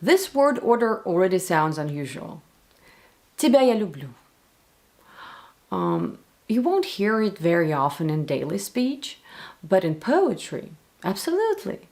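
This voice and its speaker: A woman with a Russian accent, a native Russian speaker, teaching the language to viewers slowly and clearly, with playful spoken examples. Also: medium pitch, very animated, a little mellow. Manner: slow, clear, playful demonstrations. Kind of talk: explaining to viewers.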